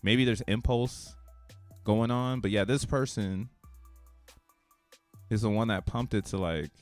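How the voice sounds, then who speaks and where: Low-voiced, profane male streamer, excitable and slangy, dry close sound. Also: unhurried, no echo, soft background music. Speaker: crypto streamer. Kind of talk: casual live-stream commentary.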